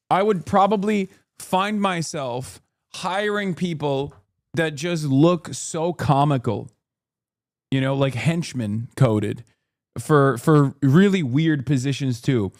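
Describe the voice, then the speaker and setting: A man hosting a live stream, reacting in casual, animated commentary with swearing and quick jokey asides. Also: a little high, no room sound, studio quality. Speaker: streamer host.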